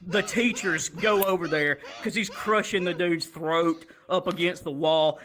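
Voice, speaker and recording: A man's voice: fairly high pitch, fairly even intonation, unhurried, a crowd in the background, rough recording. A man, telling crude, profane stories as a stand-up comedian on a livestream.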